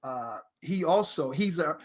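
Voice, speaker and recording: A middle-aged man tells stories as a guest in a casual interview. His voice sits a little high, and he rambles through anecdotes with lively animation. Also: unhurried. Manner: animated storyteller, loose and rambling.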